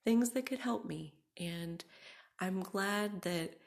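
A young woman hosting a reflective solo podcast, talking casually with many "like"s and often dropping into a soft whisper. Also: medium pitch, slow, vocal fry. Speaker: podcast host.

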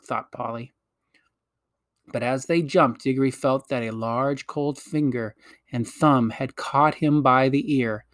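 A man narrating a children's fantasy story in a gentle, measured storytelling manner. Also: mid-range voice, no room sound, clean studio sound. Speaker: audiobook reader.

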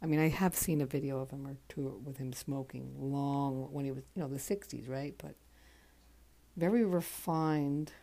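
A woman in her forties hosting a podcast, talking casually in a soft, halting way, worn out from crying. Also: very deep voice, creaky, no room sound. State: exhausted from crying. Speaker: podcast host. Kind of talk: casual spoken tribute monologue.

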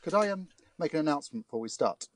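A man's voice: a little high, animated, rapid-fire. A man hosting a casual comedy chat, self-mocking and laughing often. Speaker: host. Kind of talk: casual banter. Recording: audible background noise.

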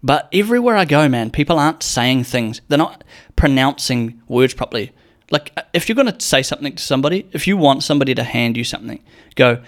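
A young man runs a casual solo podcast, talking in a mid-range, expressive voice that's a little fast. He rambles and jokes, swears plenty, and acts out the quotes he repeats.

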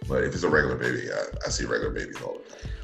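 A man's voice: extremely low pitch, racing, gravelly, a bit bright, roomy sound, faint music behind. An American man chatting casually and joking, with many "like" fillers. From United States. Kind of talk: casual comedic chat.

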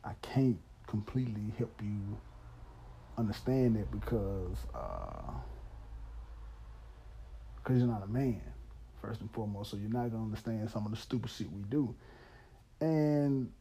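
A man's voice: lowish voice, expressive, unhurried, creaky, pauses often, mellow, slight background noise. A man in his thirties hosting a podcast, telling a story in a loose, candid way with lots of "man" and easy laughter. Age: 30s. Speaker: podcast host. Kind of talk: casual storytelling monologue.

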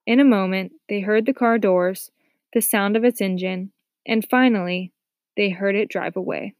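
A woman narrating a novel aloud with steady, soft-spoken storytelling. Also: mid-range voice, normal speed, no room sound. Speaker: audiobook narrator. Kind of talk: scripted narration.

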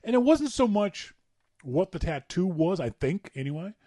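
A Canadian podcast co-host tells stories in a casual chat, his high voice at a moderate pace. The recording is dry with clean studio sound, and he's an animated, playful storyteller who laughs at his own tales.

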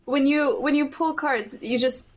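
A woman's voice: high voice, fairly even intonation, measured pace. A woman asking hesitant, apologetic questions on a group voice call. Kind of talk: casual group-call chat.

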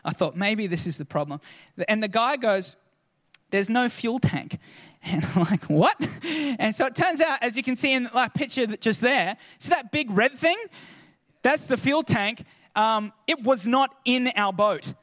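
High-voiced man telling a story. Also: animated, moderate pace, a bit bright. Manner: chatty, lots of "like" and "kinda", acts out quotes. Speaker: speaker addressing an audience. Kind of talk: anecdotal storytelling to a crowd.

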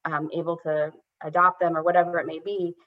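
A woman's voice: sits low, fairly quick. Candid woman telling a family story. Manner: candid, self-deprecating, animated when quoting her kids. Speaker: guest. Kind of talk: casual conversational storytelling. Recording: dull lo-fi audio.

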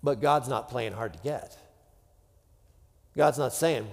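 A man's voice: medium pitch, slow pace, creaky, long pauses. A man preaching a sermon in a conversational way, dropping to near-whispers for effect and acting out imagined voices. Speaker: pastor. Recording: long hall reverb.

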